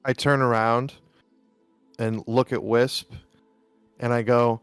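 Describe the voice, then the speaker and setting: A man plays a tabletop game and states his character's actions bluntly. His voice sits at a middle pitch in a dry, close recording, with faint music behind. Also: level tone, slow pace, smooth, no echo. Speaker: player. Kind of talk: casual tabletop play.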